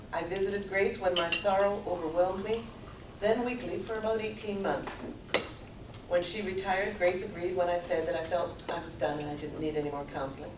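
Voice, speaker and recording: A middle-aged woman giving a conference talk, telling her own story in an earnest, measured way. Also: on the low side. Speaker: conference speaker. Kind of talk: prepared personal talk read aloud. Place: conference room. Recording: roomy, distant with background noise.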